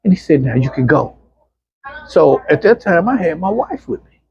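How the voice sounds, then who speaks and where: A middle-aged man, an interview guest telling personal stories in a casual, animated way and acting out other people's voices. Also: fairly high pitch, normal speed, creaky, slightly rough. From Arkansas, USA. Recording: dull, muffled lo-fi sound.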